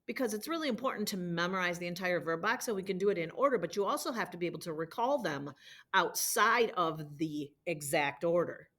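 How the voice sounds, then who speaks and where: A woman's voice: fairly low pitch, animated, fairly quick, fairly bright tone. Woman, language teacher, patient, repeats forms aloud, homework walkthrough, computer mic. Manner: patient, drilling conjugations aloud. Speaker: Spanish teacher.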